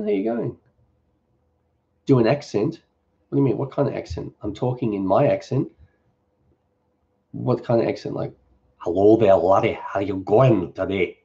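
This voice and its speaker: Mellow man, casual live chat. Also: medium pitch, gravelly, dull audio. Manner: easygoing, reads viewer comments aloud and answers them off the cuff. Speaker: cooking channel host.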